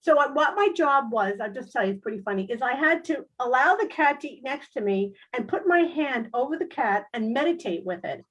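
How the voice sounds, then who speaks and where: A woman, a guest and animal rescuer, telling a comic story on a video call in an animated, lively way, with big jumps in pitch. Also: a little fast, hardly any pauses, muffled recording. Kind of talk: casual storytelling on a talk show.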